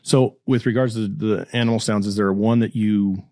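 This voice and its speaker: A man's voice: lowish voice, steady tone, normal speed, warm tone, dry recording. A man hosting a podcast interview, casual and encouraging, with many short agreements. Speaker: podcast host.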